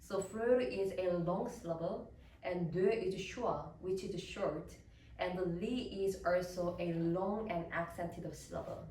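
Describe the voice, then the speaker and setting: Soprano lecturer, woman, Korean native speaker; measured, deliberate delivery, lower voice, mic set back in an echoey recital hall. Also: dark tone, recorded from a distance, slight background noise. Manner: deliberate, explanatory, reading prepared notes. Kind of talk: careful academic lecture.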